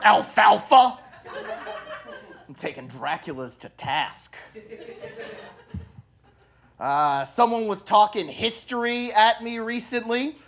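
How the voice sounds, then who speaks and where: A man doing a stand-up comedy set, with a loud, brash delivery full of swearing. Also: high voice. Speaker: stand-up comic.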